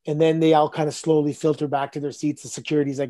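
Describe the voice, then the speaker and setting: Man, middle-aged, from Canada, interview guest, animated storytelling, warm tone. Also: a little high, fast, hardly any pauses. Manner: animated, acts out quotes. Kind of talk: casual storytelling.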